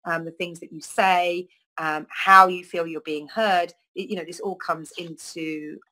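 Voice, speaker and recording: A woman's voice: lowish voice, steady tone, unhurried, pushed and bright, rough recording. A middle-aged woman, talking casually to camera about wellness, rambling with many ums and restarts. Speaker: wellness talk host. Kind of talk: casual spoken talk to camera.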